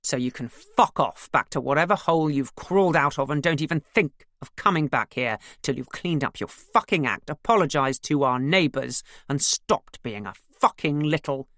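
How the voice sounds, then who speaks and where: A woman's voice: deep voice, animated, moderate pace, hardly any pauses, a bit bright, dry recording, studio quality. A woman voicing a furious middle-aged father who snarls threats and swears, in a storybook reading.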